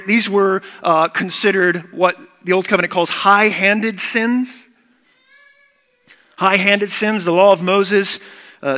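A man's voice: high-pitched, sharp tone, in a large hall. A man preaching a sermon as pastor, earnest and emphatic, repeating key words.

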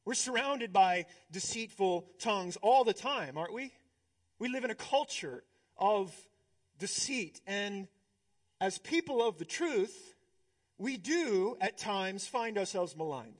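Male pastor, high voice, sermon delivery, shifts from hushed to emphatic. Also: lively intonation. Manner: preaching with pauses, swinging between hushed and emphatic.

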